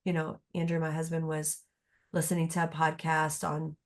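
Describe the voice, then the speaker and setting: Middle-aged woman on a podcast, lowish steady voice, thoughtful, kinda restarts a lot. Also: moderate pace. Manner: reflective, earnest, trailing restarts. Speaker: therapist guest. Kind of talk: podcast conversation.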